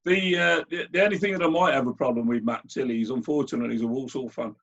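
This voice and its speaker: A man's voice: medium pitch, quick pace, vocal fry, a bit bright, husky. A middle-aged man hosting a conversational interview, often hesitant and restarting his sentences. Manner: hesitant, with many fillers and restarts. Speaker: host and interviewer. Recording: dull, lo-fi sound.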